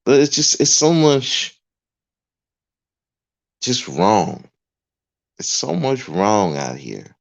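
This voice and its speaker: A man's voice: medium pitch, wildly swooping pitch, drawn-out words, vocal fry, long pauses. A podcast host, a man, delivering an emphatic, profane livestream rant. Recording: dull lo-fi recording.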